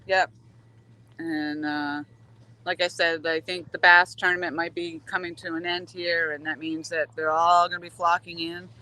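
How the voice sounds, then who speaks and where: A woman's voice: on the low side, little pitch movement, moderate pace, sharp tone, poor audio. A woman vlogging outdoors from a waterway dock, chatting casually with live viewers and coaxing the fish aloud as she waits for a bite. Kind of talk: casual live-stream chat.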